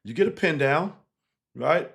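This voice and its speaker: A man, a basketball coach, casually breaking down game film, animated and laughing easily, tagging points with 'right?'. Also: a little high, measured pace, vocal fry. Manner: animated, keeps checking in with 'right?' and 'again'; laughs easily while explaining.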